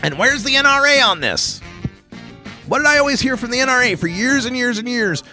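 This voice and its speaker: A man hosting a talk show, giving sardonic, argumentative commentary in a lively, animated way. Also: very high-pitched, fairly quick, faint music behind. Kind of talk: solo radio commentary.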